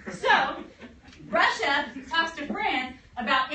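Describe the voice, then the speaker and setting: A woman history teacher giving a fast classroom lecture, acting out countries in quick comic voices. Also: high voice, sing-song, noisy background. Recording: echoey room, mic at a distance.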